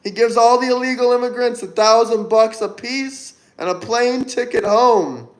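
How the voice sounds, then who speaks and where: An upbeat man runs a casual livestream, reading out comments and tossing off quick shout-outs. His voice sits high for a man. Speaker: livestream host. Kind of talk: casual live-stream chat reading comments.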